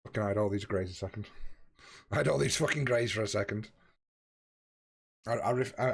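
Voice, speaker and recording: Tired thirty-something male streamer, lowish voice, casual and foul-mouthed with his chat. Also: normal speed, pauses often. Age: 30s. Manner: swears freely, bantering with chat. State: tired, yawning. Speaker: game streamer.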